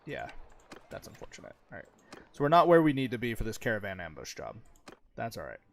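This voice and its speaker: Fast and gravelly, this lowish male voice swoops wildly in pitch as a gaming channel host narrates his own gameplay. He chats casually with viewers, cursing freely and laughing a lot.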